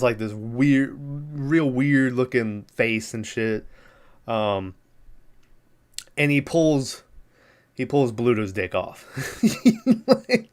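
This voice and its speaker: A male podcast host casually recapping a film, rambling with lots of fillers, laughing and acting out the characters' lines. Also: medium pitch.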